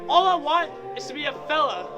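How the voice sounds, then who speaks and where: An actor playing a nervous young groom in a stage play, earnest and pleading. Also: male voice, very high voice, expressive, fairly quick, dull audio. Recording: stage recording with loud music.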